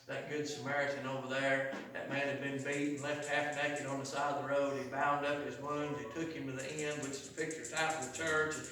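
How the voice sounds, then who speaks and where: A man preaching an impassioned sermon in a church, swelling loud and dropping quiet. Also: mid-range voice, level tone, brisk, few pauses. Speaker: pastor. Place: church sanctuary. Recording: echoey church heard from a distance.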